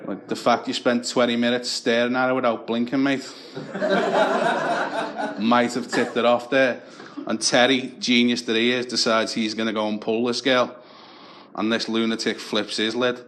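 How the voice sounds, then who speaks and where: A man's voice: medium pitch, flat delivery, normal speed, noisy background. A young man doing stand-up comedy, telling crude stories in a dry, anecdotal way.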